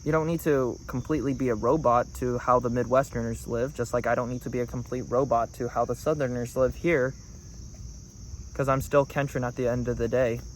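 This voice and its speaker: A man's voice: mid-range voice, fairly even intonation, brisk, slight background noise. A man talking to the camera in a rambling, earnest monologue. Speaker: vlogger.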